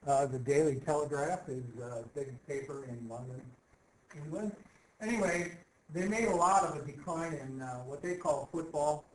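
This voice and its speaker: A man's voice: a little high, normal speed. A man giving a casual classroom lecture, walking through slides with sarcastic asides and asking his listeners if they follow. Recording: echoey room.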